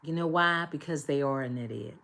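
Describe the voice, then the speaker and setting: Woman, low voice, tarot reader, emphatic, repeats herself, talks straight to the viewer. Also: fairly quick, fairly bright tone. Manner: emphatic, repetitive, speaks directly to viewers. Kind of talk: collective tarot reading.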